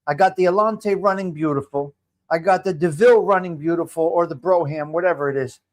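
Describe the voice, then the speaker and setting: A man's voice: fairly high pitch, fairly quick, a little mellow. A man in his fifties hosting a casual live stream, greeting viewers by name and rambling as he restarts his sentences. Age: 50s. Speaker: livestream host. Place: home.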